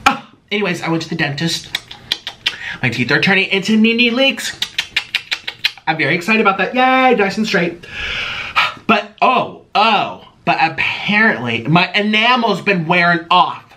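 A man's voice: sits high, big pitch swings, normal speed, sharp tone. A man hosting a casual cooking and eating vlog from his home kitchen, talking in a dramatic, sassy, rambling way. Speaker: vlogger host.

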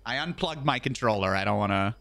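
A man's voice: on the low side, lively intonation, brisk, vocal fry, sharp tone, faint music behind. A man streaming a video game, chatting casually as he plays, rambling and joking with frequent swearing. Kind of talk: casual gameplay commentary.

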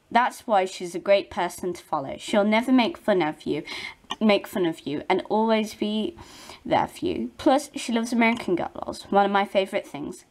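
A British woman hosting a doll channel reads her viewers' messages aloud. She trips over unfamiliar names and apologises a lot. Her delivery is unsure and halting. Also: mid-range voice. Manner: hesitant, apologetic, stumbles on names. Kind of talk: reading fan messages aloud.

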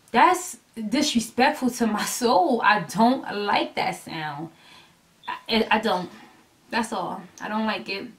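A woman vlogger talks straight to her camera, animated and blunt, swearing for emphasis and rambling as she loses her place. Her voice sits on the high side. She sounds a little distant from the mic. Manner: rambling and chatty, losing her train of thought. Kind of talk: casual talk to camera.

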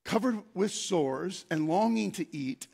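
A man preaching a sermon, telling a rambling personal story with many restarts and bursts of loud excitement. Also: sits high, measured pace, gravelly, slightly rough. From Scandinavian heritage, Norwegian. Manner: breaks into loud, excited shouting when acting out scenes. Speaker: pastor.

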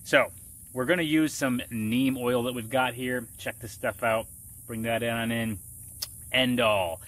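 A man's voice: medium pitch, fairly even intonation, unhurried, fairly bright tone. Chatty man demonstrating in his garden. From Florida. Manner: chatty, explains step by step. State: muffled by a face mask. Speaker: gardening vlogger. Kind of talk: casual how-to vlog. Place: outdoor garden at dusk.

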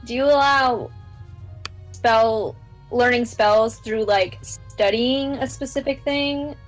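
A woman's voice: a little high, slow, faint music behind, poor audio. A woman chatting as a player in a tabletop game, rambling, laughing often and swearing. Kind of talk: casual chat.

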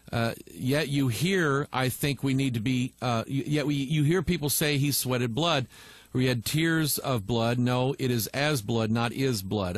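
A man's voice: mid-range voice, slight background noise. A male pastor teaching online, reading viewer messages aloud and answering them bluntly and with emphasis.

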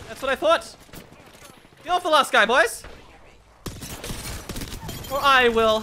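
Casting note: a high-pitched, sharp-voiced woman who gives excitable gameplay commentary and trash-talks with a playful edge. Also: takes it slowly, pauses often, a little hiss or hum. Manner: excitable, swears often, playful in-character boasting. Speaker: gaming video creator.

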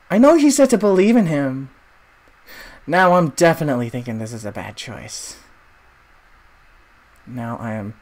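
A young woman playing a video game and commenting, very expressive and swinging between groans and outraged shouts. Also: sits low. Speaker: let's play gamer.

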